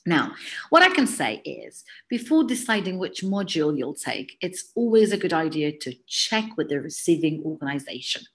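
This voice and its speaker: A woman's voice: deep voice, sing-song, normal speed. A British woman presenting a live webinar as an English exam teacher, talking conversationally and answering chat questions as they come in.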